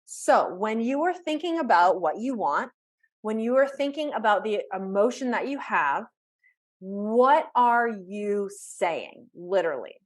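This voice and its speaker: A woman coaching a group over a video call, her mid-range voice rising and falling in a lively, animated way. She talks conversationally, breaking off and restarting sentences as she acts out examples of self-talk. The tone is that of a live online workshop. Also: mid-range voice, unhurried. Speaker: life coach.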